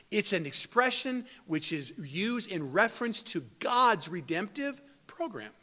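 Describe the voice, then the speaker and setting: A man preaching a sermon in an earnest style, slowing down to stress quoted scripture and often restarting words. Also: on the high side, pushed and bright. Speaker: pastor.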